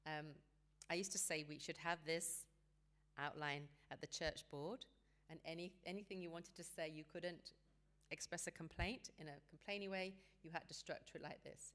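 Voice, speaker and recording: A woman giving a seminar talk on parenting teenagers, calm and practical, sometimes acting out what parents and teens might say. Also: sits low, moderate pace. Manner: calm, practical advice, acts out quoted dialogue.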